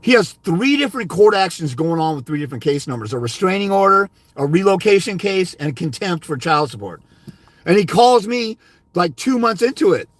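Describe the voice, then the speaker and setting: A man's voice: high-pitched, sing-song, a little fast, no room sound. A man consultant giving a blunt, profane, berating livestream rant. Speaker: fathers' rights consultant. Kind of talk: ranting livestream monologue.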